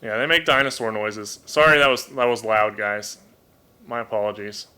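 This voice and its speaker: Man, live-stream host; very bright tone, chatty, apologetic, restarts words often. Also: on the low side, steady tone, normal speed, clean tone. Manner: chatty, apologetic, repeats words while thinking. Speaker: livestream host and toucan keeper. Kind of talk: casual live-stream chat. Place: home room. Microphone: desk microphone.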